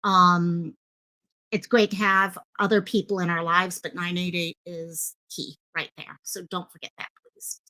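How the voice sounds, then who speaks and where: A woman's voice: fairly low pitch, little pitch movement, measured pace, bright, forceful tone. A woman hosting a casual live stream, chatting with viewers and greeting them by name in a rambling, filler-heavy way. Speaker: livestream host. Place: home streaming setup in Hawaii. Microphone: headphones with mic at desk.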